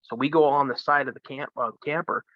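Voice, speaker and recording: A man from Minnesota, a guest telling a story in a casual, animated way. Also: mid-range voice, brisk, dry recording. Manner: animated, acts out the voices of others. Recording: dull lo-fi sound.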